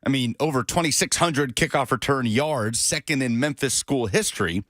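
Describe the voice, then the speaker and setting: A man's voice: mid-range voice, normal speed, no room sound. A man co-hosting a sports radio show in the studio, ribbing his colleague. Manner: lively, ribbing.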